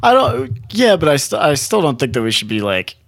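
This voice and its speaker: A man's voice: a little high, sing-song, a little fast, creaky, fairly bright tone, no echo, studio quality. A man co-hosting a casual podcast, griping in an exasperated, profane way. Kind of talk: casual chat.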